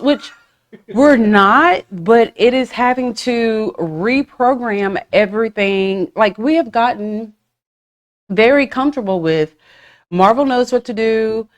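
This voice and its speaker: A woman's voice: on the high side, a little slow. A woman in her forties hosting a podcast, telling stories in casual chat and slipping into voiced asides, with frank swearing. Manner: animated storytelling with voiced asides and profanity. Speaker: podcast host.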